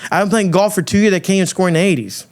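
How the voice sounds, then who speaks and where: A man's voice: high-pitched, racing. Crude, ranting male podcast host. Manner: loud, crude, provocative rant full of swearing. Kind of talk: ranting monologue.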